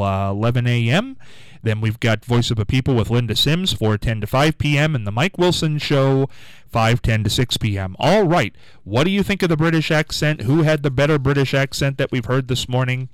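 A playful male radio host chatting with callers on a morning call-in show. His voice is smooth and resonant, and his pitch moves around freely. The studio sound is dry and close. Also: dry recording.

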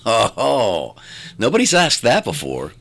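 Animated middle-aged man with a West Virginia accent. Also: medium pitch, takes it slowly, creaky. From born in Louisiana, raised in West Virginia. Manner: rambling, animated, restarts often. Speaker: guest, filmmaker and radio announcer. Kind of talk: conversational interview.

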